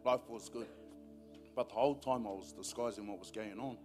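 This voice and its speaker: A man's voice: lowish voice, brisk, over music. A man with a New Zealand accent giving a casual personal testimony in a church service, telling a story with frequent laughs.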